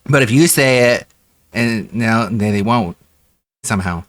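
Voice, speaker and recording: A man's voice: medium pitch, unhurried, no room sound. A man casually recounting a story to a friend, laughing and quoting others. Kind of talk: casual chat.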